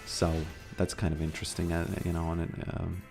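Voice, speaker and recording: This gaming streamer from Latvia talks over music in his Latvian accent, rambling casually with plenty of fillers. His low, creaky voice stays monotone and moves fairly quickly.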